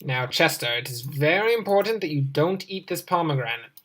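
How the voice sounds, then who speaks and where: A woman with a lowish voice for her sex narrates her gameplay in a loose, joking ramble. She keeps talking to a companion creature in the game, drifting from topic to topic in casual commentary. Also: lively intonation, brisk, a bit bright. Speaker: let's play host.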